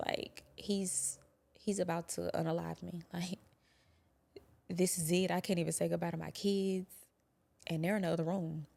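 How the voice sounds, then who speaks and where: A young adult woman quietly recounting a painful personal experience, halting and sometimes dropping to a whisper. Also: on the low side, gravelly. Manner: quiet, halting, drops to a whisper at hard moments. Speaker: guest telling her story. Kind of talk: personal testimony.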